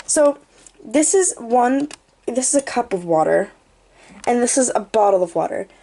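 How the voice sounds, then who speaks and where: A woman's voice: fairly high pitch, animated, moderate pace, dark tone. A young woman giving a goofy, playful tour of her bedroom for her channel, tossing in jokey asides. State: out of breath. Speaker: vlogger. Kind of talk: casual room tour.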